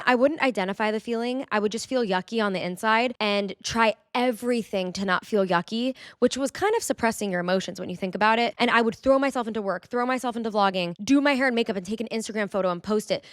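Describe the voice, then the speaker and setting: A woman's voice: mid-range voice, clear, resonant tone, no echo, clean studio sound. A woman vlogger, talking candidly in a chatty confessional way, with many "like" fillers. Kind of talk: casual confessional vlog.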